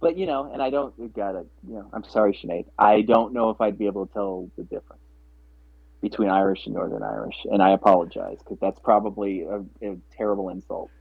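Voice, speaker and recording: A man's voice: lowish voice, fairly quick, vocal fry, slightly rough, no echo. A man chatting casually about films, rambling with many restarts and fillers. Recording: dry, phone-like narrow sound.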